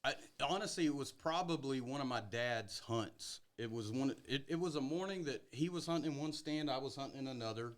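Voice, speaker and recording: A man's voice: mid-range voice, a little fast, hardly any pauses. A middle-aged man, co-hosting a podcast and telling stories on himself with a laugh. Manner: self-deprecating, laughs at himself. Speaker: podcast co-host. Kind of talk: casual storytelling chat.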